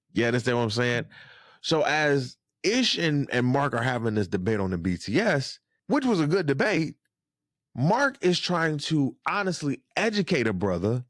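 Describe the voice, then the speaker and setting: Animated man with a lively, swooping voice. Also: no room sound, studio quality. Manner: animated, profane, rising to high exclaims. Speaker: podcast commentator. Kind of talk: casual commentary.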